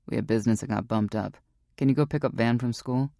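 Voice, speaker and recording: A woman voicing a steady, direct male biker club man who speaks calmly and reassuringly over the phone. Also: a bass voice, fast talker, creaky, no echo, studio quality, voice pushed down.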